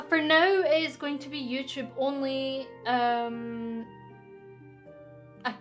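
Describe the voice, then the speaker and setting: Young Scottish female streamer, high voice, giggly and chatty, faint background music. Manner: chatty and giggly, reading chat aloud. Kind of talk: casual chat answering viewer questions. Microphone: studio microphone.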